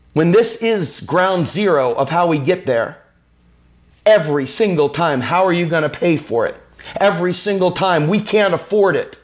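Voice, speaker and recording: A man's voice: high voice, highs cut off. A man from the United States hosting a live stream. He delivers an impassioned, angry political rant that is repetitive and profane.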